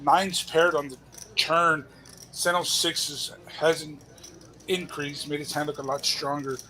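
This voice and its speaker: Bright-voiced male poker commentator. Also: on the high side, little pitch movement, slow pace, rough recording. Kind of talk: live play-by-play commentary.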